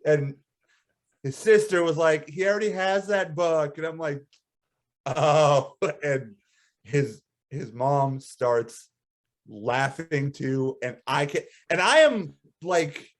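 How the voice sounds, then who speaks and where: A man co-hosting a casual podcast chat, telling a story in an animated way and breaking into high laughter. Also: takes it slowly. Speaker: podcast co-host.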